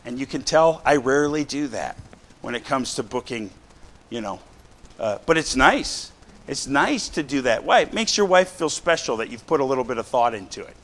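A middle-aged man preaching a sermon to his congregation, chatty and animated, full of rhetorical questions and asides. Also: a little high. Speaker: pastor. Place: church sanctuary.

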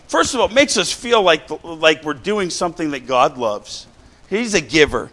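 A middle-aged man with a drawl delivers a lively, conversational sermon. His voice sits fairly high for a man, and he keeps throwing questions and asides at his congregation. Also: moderate pace. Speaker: pastor. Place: church sanctuary.

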